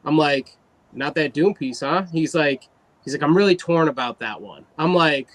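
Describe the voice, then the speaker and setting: A man casually telling an animated story about his art, full of fillers and quoted asides. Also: a little high, normal speed, poor audio. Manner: animated, loose anecdote with fillers. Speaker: guest artist.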